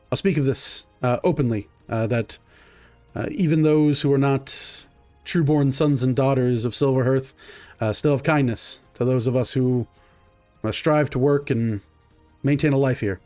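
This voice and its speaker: A man voicing a grateful, formal male guard captain who speaks haltingly. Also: mid-range voice, a little mellow, dry recording, soft background music, lightly acted.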